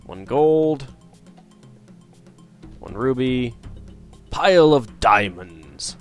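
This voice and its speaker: Male let's player, lively pitch, hesitant casual commentary. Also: slow pace, pauses often, soft background music. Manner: musing, hesitant, lots of uhs.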